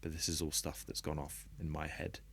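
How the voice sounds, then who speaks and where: A man with a very deep, low voice speaks as a podcast guest. His talk is candid and reflective, and soft laughs break into it now and then. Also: flat delivery, a little fast, creaky, slight background noise. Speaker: podcast guest, rugby player.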